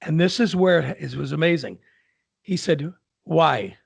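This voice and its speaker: A man, an opera singer, telling a lively anecdote in casual conversation and acting out the people in it. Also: on the high side, moderate pace, gravelly, breathy edge. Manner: animated storyteller, acts out quoted voices.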